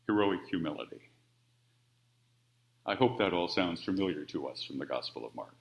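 A low-voiced man delivers a sermon with lively, sweeping rises and falls in pitch and volume. He is heard in a roomy, echoing space, and the audio is dull and muffled. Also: moderate pace. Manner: expressive, with wide swings of pitch and volume. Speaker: preacher.

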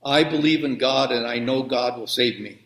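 A man's voice: mid-range voice, moderate pace, a bit bright, natural voice. A man voicing a devout, stubborn man stuck on a flooded roof, in a pleading and indignant way during a children's sermon story, with roomy echo. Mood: insistent.

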